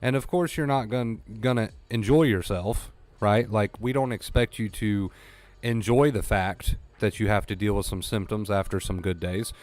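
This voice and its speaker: Lower-voiced man coaching a live stream. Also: normal speed, a little mellow, no room sound. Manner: blunt, coaching, repeats himself for emphasis. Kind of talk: live-stream talk to chat.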